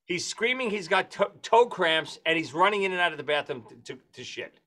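A man telling a comic story among friends, acting out the voices of the people in it with shrill squeals. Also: expressive, fairly quick, sharp tone. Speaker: podcast host telling a story.

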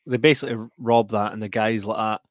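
A man's voice: fairly low pitch, steady tone, quick pace, no room sound, clean studio sound. A man with a Scottish accent co-hosting a casual film review podcast, telling the story in a rambling way, often restarting his sentences. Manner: rambling, self-interrupting storyteller. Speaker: podcast co-host.

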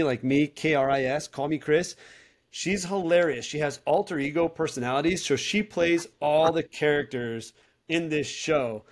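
A man co-hosting a podcast in casual chat, animatedly recommending comedy shows. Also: on the high side. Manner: animated, retells comedy bits with quick acted quotes. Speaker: podcast co-host.

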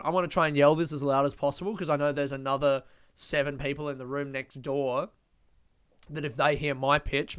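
A young man, a comedian and podcast host, telling a story in a casual, animated way, laughing and swearing often. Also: mid-range voice, clear, resonant tone, dry recording, studio quality.

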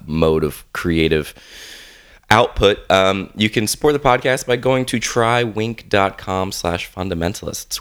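Very low-voiced man, podcast host with a cold. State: under the weather, coughing. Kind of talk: casual podcast chat.

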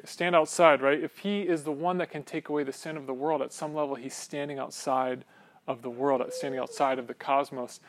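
A man preaching a sermon in a church, conversational and joking with the congregation, often checking in with "right?". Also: fairly high pitch. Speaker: pastor.

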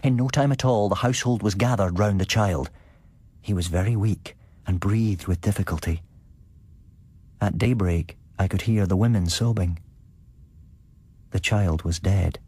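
A man giving a scripted, measured narration of a gothic tale. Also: deep voice, darkish tone, husky, no echo.

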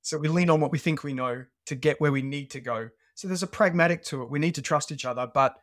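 Aussie guy telling stories on a podcast, voice sits a bit high, super dry sound. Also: quick pace, no room sound. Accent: Australian. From Australia. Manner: animated storyteller. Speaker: podcast guest. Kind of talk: conversational interview.

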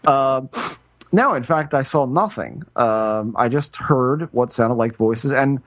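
In a dry recording, a middle-aged podcast co-host slowly rambles through a story during casual chat, his mid-range voice carrying lively intonation. He interrupts himself a lot and restarts sentences often.

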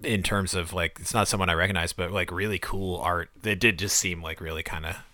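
A man's voice: deep voice, steady tone, fairly quick, sharp tone, dry recording. A man co-hosting a casual chat about comics, rambling with lots of fillers and restarts. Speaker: podcast co-host.

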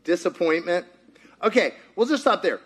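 A man preaching to a congregation, with a strikingly high voice and a lively, swooping delivery. He jokes about himself and keeps throwing questions to the crowd. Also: quick pace, slightly rough. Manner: joking, asks the congregation questions. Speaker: pastor. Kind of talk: sermon. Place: church before a congregation.

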